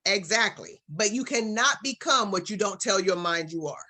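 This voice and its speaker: Bright-voiced upbeat female business coach. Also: mid-range voice, sing-song, moderate pace, hardly any pauses. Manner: upbeat and encouraging, addresses audience as family. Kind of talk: casual online coaching presentation.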